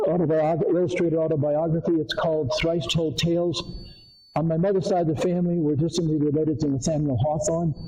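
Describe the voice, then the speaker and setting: A man's voice: fairly high pitch, mellow, rough recording. An older man from Connecticut presenting his artwork to a live audience, telling stories with frequent fillers and restarts. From Connecticut, USA. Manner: rambling, anecdotal, frequent fillers. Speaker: artist giving a seminar talk. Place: community arts center meeting room.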